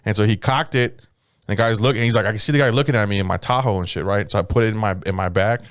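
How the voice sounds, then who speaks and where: A man's voice: on the low side, racing, smooth, no room sound, clean studio sound. A man casually retelling a story on a podcast, cursing freely and voicing the people in it. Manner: profane, animated retelling with voiced quotes. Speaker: podcast co-host.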